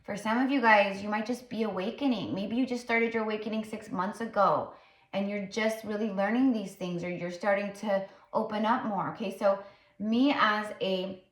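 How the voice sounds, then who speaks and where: A woman's voice: medium pitch, fairly even intonation, moderate pace. A woman psychic tarot reader talking casually while channeling, rambling and full of fillers. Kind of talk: casual spiritual channeling talk. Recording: roomy echo.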